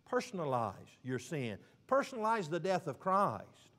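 Man, preacher, sermon, emphatic drawn-out words, quiet drops, slightly high pitch. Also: big pitch swings.

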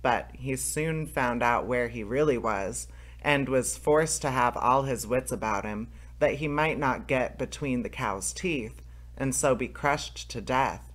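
A man reading a fairy tale aloud as narrator, steady, with small restarts. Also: mid-range voice, a little slow. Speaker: storyteller, channel host.

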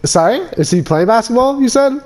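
A young man hosting a gaming video, chatting casually with friends and yelling excitedly when things go wrong. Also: extremely high pitch, brisk, slight background noise. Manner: excitable, laughs often, yells when chased. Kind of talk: casual game chat with friends.

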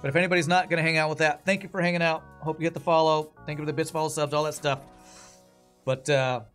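A male streamer chats loosely while he plays, thinking aloud and laughing easily. His voice sits a little high. Quiet game music runs underneath. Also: little pitch movement, fast. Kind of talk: casual gaming commentary.

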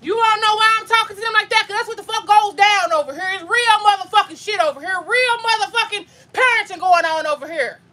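A woman's voice: extremely high pitch, fast, hardly any pauses, bright, forceful tone. A woman vlogger at home on a livestream, talking bluntly and profanely as she scolds and rants. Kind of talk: casual livestream rant.

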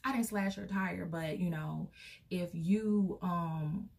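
A creepy, soft-spoken man murmurs in a low, hushed tone, as a woman puts him on while telling a story. The voice is gravelly and sits far from the mic. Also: slow pace. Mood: sly.

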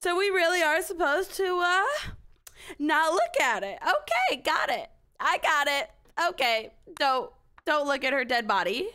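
A woman's voice: high-pitched, big pitch swings, measured pace, sharp tone. A woman playing a horror game and commenting, frightened, repeating herself and swearing. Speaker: gamer. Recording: noisy with game sound behind.

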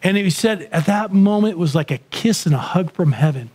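A man's voice: sits high, animated, a little fast, darkish tone, slightly rough. A man giving a sermon in a church, telling a conversion story in an earnest way that builds intensity. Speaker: guest speaker.

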